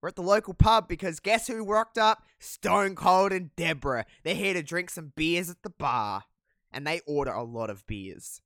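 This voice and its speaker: Here a man with a high, animated voice and a fairly bright tone goes over a wrestling show at a moderate pace, co-hosting a podcast. He's chatty and swears a lot, leans on fillers, and chuckles at his own jokes in this casual talk. The studio-quality audio has no room sound.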